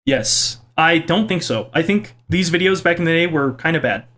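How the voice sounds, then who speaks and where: Joking his way through viewer comments on his video, a young man talks casually from a home kitchen. His voice is expressive and a bit bright, and his playful, self-mocking manner comes with rapid shifts in pitch.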